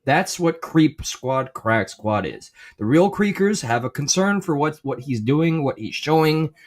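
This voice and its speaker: Firm, measured commentary man. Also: a little high, expressive. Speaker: commentary video creator. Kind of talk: reaction commentary.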